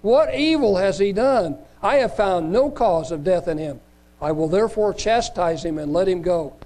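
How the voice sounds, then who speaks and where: A man's voice: sits high, animated, moderate pace, a little mellow. A man reading the part of Pilate, a troubled Roman governor questioning a prisoner, in a raised, insistent voice. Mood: pleading.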